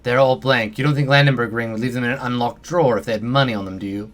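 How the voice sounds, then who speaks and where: A man's voice: mid-range voice, fairly even intonation, quick pace, close to an everyday voice. A man voicing an impatient, exasperated male fixer with a sarcastic manner. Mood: irritated. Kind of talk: reading game dialogue aloud.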